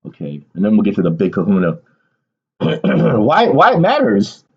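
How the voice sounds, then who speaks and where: Animated husky man ranting on a vlog. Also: lowish voice, measured pace, lo-fi sound. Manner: animated and emphatic, reads aloud then rants with laughter. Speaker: political commentary vlogger. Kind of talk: casual political commentary.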